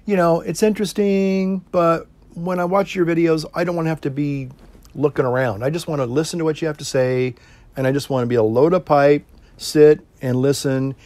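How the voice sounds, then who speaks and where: A middle-aged man, a priest, chatting casually to camera in a relaxed, rambling way, chuckling often and pausing to puff on his pipe. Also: on the high side. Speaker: priest and pipe-smoking video host.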